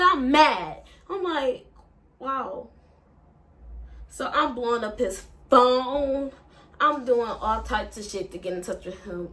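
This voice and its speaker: A woman's voice: on the high side, slow, a bit bright. A woman vlogger, telling a breakup story in a rambling, emotional way and swearing a lot. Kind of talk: casual storytime.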